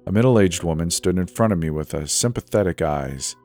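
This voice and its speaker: Deep-voiced man narrating horror. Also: lively intonation, fairly quick, a little mellow, soft background music. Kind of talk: scripted first-person horror narration.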